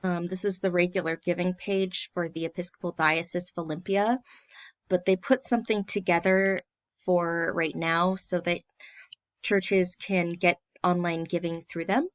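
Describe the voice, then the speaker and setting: A friendly woman explains a computer task step by step, her voice a little low and the sound muffled. It is dry and close, with no room around her voice, recorded through a computer mic. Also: no room sound. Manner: friendly, plain step-by-step walkthrough with filler ums. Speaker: church staff member. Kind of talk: casual screen-recorded tutorial.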